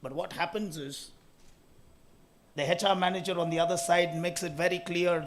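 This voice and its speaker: A hoarse man giving a speech at a summit in a college hall, emphatic and building in force as he tells stories. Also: high voice, steady tone, normal speed, pauses often. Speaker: speaker at an HR summit. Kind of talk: conference speech.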